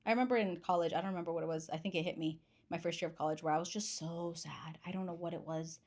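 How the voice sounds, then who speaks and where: A woman's voice: fairly low pitch, steady tone, fast talker, darkish tone. A woman in her twenties chatting casually as a podcast guest, rambling and self-deprecating, with lots of fillers. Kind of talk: casual chat.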